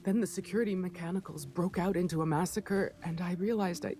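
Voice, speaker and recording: A woman's voice: on the low side, fairly even intonation, fairly quick, warm tone, close to an everyday voice. A woman voicing a jittery young lab worker in hiding. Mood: shaken. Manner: breathless, grateful, rambling. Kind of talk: video game dialogue.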